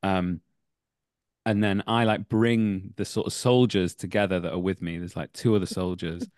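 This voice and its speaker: A young man with a Manchester accent, an actor and acting teacher, telling animated backstage anecdotes in a casual interview and laughing as he goes. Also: low voice, moderate pace, no echo, studio quality. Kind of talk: casual podcast interview, storytelling.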